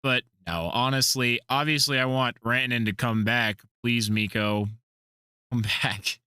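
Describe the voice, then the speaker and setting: Man, casual podcast chat, profane rambling storyteller, bright tone, dry sound. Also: medium pitch, measured pace, clean tone, dry recording. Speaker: podcast host.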